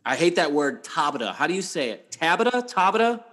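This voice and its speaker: A man's voice: a little high, expressive, a little fast, a bit bright. A middle-aged man in casual chat, telling stories animatedly, swearing and acting out his own outbursts.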